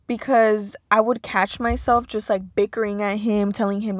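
A woman's voice: mid-range voice, steady tone, moderate pace, fairly bright tone, dry recording. A young woman speaks in a mid-range voice, candid and a little emotional, her speech full of "like" and restarts. The sound is dry and close, with no room around it. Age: young adult. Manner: casual, emotional, filler-heavy with many "like"s. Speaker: podcast host. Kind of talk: personal monologue.

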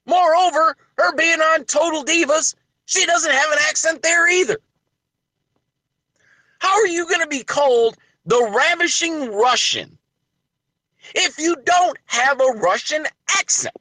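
A man's voice: very high voice, unhurried, sharp tone, dry recording. A man hosting a wrestling podcast, giving emphatic commentary full of rhetorical questions. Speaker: podcast host.

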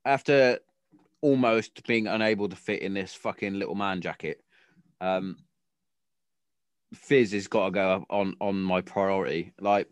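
A man's voice: low voice, a little slow, long pauses, smooth, no echo. A man in his thirties hosting a podcast, telling blunt, sweary, jokey stories in casual chat. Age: 30s. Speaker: podcast host. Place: home garden shed.

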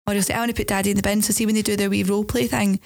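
Scottish woman, rapid speech, animated storyteller, podcast co-host, dry sound. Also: mid-range voice, gravelly, no echo. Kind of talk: casual chat.

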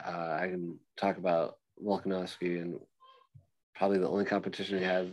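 A man with a very low, deep voice trading jokes on a casual podcast. He laughs often and slips into mocking voices. His delivery is loose and conversational. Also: level tone, a little fast, darkish tone, poor audio. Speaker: podcast co-host.

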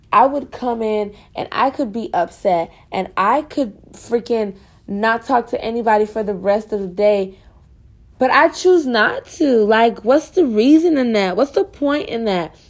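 A woman's voice: on the high side, lively intonation, a little slow. A woman student venting in a casual, rambling monologue for her podcast, frustrated and full of fillers.

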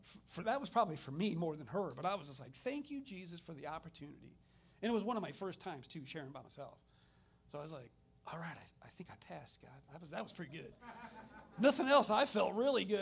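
A middle-aged man, a minister telling personal stories in a conversational sermon with animated retellings. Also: high-pitched, breathy edge.

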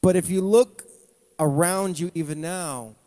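A man's voice: high voice, a little slow, mellow. Man preaching in a reverberant church hall. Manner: conversational preaching, restarts and asides to the congregation. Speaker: pastor. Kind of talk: sermon.

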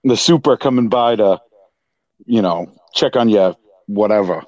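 A man's voice: on the low side, a little slow, muffled recording. A man chatting casually on a podcast, laid-back and laughing, telling anecdotes. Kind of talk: casual profane chat.

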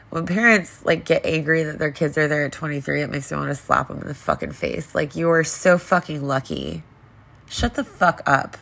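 A woman's voice: deep voice, gravelly, fairly bright tone. A woman in her forties in a casual confessional vlog, upset and near tears, talking in a raw, rambling way with lots of swearing. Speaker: vlogger.

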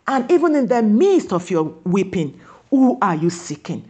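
A woman preaching a sermon, pressing her listeners with repeated questions and slowing down on key words for emphasis. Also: mid-range voice, sing-song, dark tone, slightly rough, lo-fi sound.

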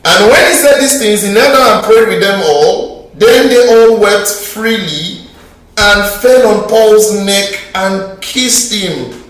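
A man's voice: high-pitched, expressive, takes it slowly, fairly bright tone, recorded from a distance. A man leading a Bible study class, teasing and emphatic, asking the group questions. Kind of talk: interactive Bible class teaching. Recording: very echoey hall, mic from afar.

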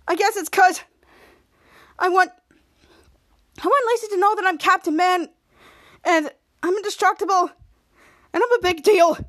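Young female podcast host, high voice, casual TV recap, jumps into quoted lines with loud outbursts. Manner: acts out characters' lines with bursts of loud, high shouting.

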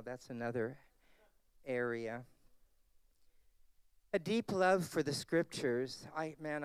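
Male pastor, middle-aged, slightly high voice, heartfelt conversational sermon delivery. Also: clear, resonant tone, no room sound. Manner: slow, heartfelt, conversational preaching with soft laughs.

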